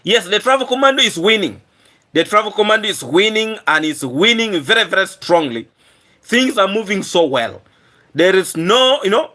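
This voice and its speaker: A man hosting a casual live stream, hoarse and often clearing his throat, repeating earnest thanks to his viewers. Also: high-pitched, pushed and bright. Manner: repetitive, earnest thank-yous.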